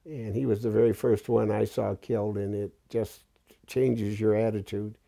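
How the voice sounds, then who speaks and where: A war veteran in his eighties recounts his experiences in a documentary interview, blunt and plain-spoken, with the occasional curse. His fairly low, warm voice has vocal fry, little pitch movement, and a moderate pace.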